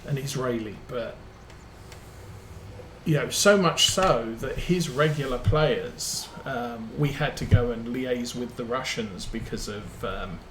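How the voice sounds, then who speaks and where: A man wanders unhurriedly through one story after another, with lots of ums, as he streams a farming game. His voice is ordinary in pitch with a fairly bright tone, and the echoey room carries a faint underlying hiss.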